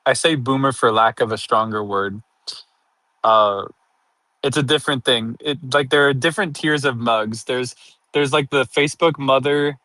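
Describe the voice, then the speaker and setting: Young male streamer, casual rambling chat, bright forceful tone, close dry mic. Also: mid-range voice, steady tone, normal speed, no room sound. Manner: rambling and self-amused, laughing often.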